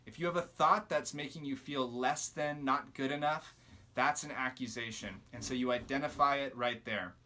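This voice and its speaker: A man's voice: mid-range voice, normal speed, sharp tone. A man giving a devotional teaching talk to young people, explaining steadily and earnestly, with emphatic rebukes. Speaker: youth ministry teacher.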